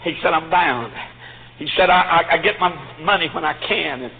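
Fervent high-voiced preacher. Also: male voice, moderate pace, gravelly, narrow, tinny audio. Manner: fervent, with frequent "uh" between phrases. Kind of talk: sermon.

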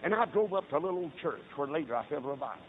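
A middle-aged Baptist preacher, telling stories in a sermon and swinging from low talk to loud shouted peaks. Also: male voice, animated, rapid-fire. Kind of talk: storytelling sermon. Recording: tinny lo-fi recording with faint hiss.

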